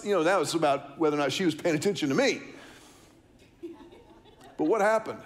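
A man's voice: fairly high pitch, brisk, pauses often. A middle-aged man, preaching a sermon, telling a story and asking the congregation questions. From Texas, US. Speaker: pastor.

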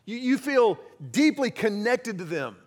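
A man's voice: very high-pitched, very animated, unhurried. A man preaching a sermon in a conversational, self-deprecating way, acting out little quoted exchanges. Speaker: pastor.

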